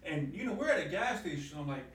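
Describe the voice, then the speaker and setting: A man's voice: on the high side, very animated, fast, fairly bright tone, recorded from a distance, slight background noise. A young man in casual chat who interrupts often and swears, using slang. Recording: echoey room, away from mic.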